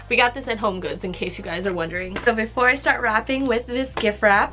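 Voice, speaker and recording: A young woman in her twenties talks casually as she wraps gifts. She sounds heartfelt and chatty, with her sentences full of little fillers. Quiet music plays faintly underneath. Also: on the high side. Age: 20s. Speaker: lifestyle vlogger. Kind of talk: casual chat while wrapping gifts.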